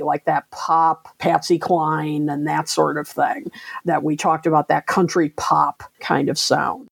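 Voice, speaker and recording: A woman's voice: low-pitched, gravelly, slightly rough, dry recording. A woman co-hosting a podcast, reacting eagerly and chatting about old songs. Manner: enthusiastic, quick to react. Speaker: podcast co-host. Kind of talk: casual chat about music charts.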